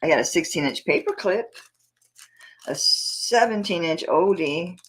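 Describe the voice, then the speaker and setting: A middle-aged woman with a Southern accent chats her way through a live jewelry auction. Her voice sits on the low side but bounces animatedly up and down. She is warm with viewers and calls them baby. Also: lively intonation, unhurried, breathy edge, low-quality recording. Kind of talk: casual livestream chat.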